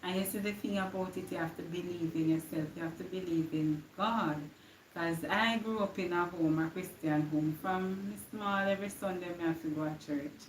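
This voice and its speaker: A woman's voice: on the low side, fairly even intonation, moderate pace, roomy sound, recorded from a distance, a little hiss or hum, poor audio. A young woman with a Jamaican accent giving an earnest inspirational live-stream talk, slipping into patois now and then. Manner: earnest, preachy, slips into patois. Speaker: live-stream motivational speaker.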